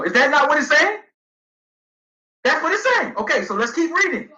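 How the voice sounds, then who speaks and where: A man's voice: extremely high pitch, big pitch swings, fairly quick, bright, forceful tone, reverberant, muffled recording. A man speaking emphatically on a livestream, arguing his points and reading passages aloud to back them up. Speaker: guest speaker. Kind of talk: livestream debate lecture.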